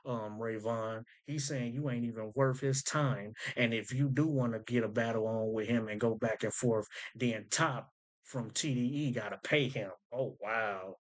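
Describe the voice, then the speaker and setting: A man's voice: medium pitch, normal speed. A man hosting a rap breakdown, explaining wordplay in casual commentary and repeating lines to unpack them.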